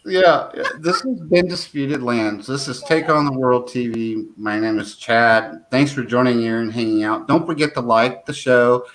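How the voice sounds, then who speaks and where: A man hosts a casual talk show in a relaxed, halting way, often pausing on fillers. His voice sits at a middle pitch. He sounds easygoing and friendly without rushing. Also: low-quality recording. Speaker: host. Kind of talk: casual chat.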